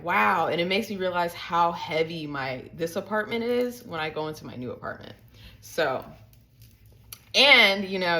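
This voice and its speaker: A young woman talks casually to her viewers. Her voice sits a little low, and she tells her stories in a lively way, with sudden jumps in pitch. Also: low-quality recording. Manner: chatty, animated storytelling with sudden pitch jumps. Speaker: vlogger. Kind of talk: casual chat to camera.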